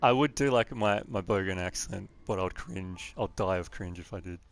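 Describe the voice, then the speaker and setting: A man with a low voice and an Australian accent livestreams a game at a moderate pace, chatting casually and drifting into rambling rants. There's slight background noise behind his gameplay commentary.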